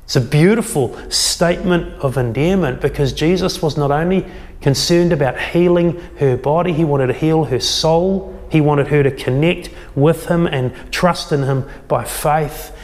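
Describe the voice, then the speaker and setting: A pastor delivers a sermon, retelling a story and acting out the quotes with animation. His voice sits a bit high and rings out with the long reverb of a large hall.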